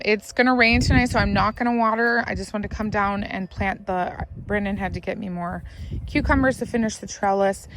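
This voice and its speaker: A woman's voice: medium pitch, a bit bright. A woman with a scratchy voice giving a casual, rambling walkthrough of her backyard garden, filmed on a phone outdoors. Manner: chatty, rambling, talks to her dogs. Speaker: vlogger giving a garden tour.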